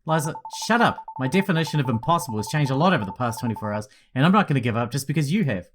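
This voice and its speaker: A man's voice: mid-range voice, animated, racing, noisy background, natural voice. A man voicing a stubborn young woman who refuses to give up. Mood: determined. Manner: firm, determined.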